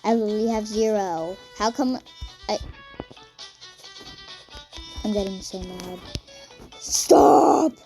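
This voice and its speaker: A young woman commenting on her own gameplay, dramatic and mock-angry with quick outbursts. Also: medium pitch, fairly even intonation, warm tone. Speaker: gaming vlogger. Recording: game music behind voice.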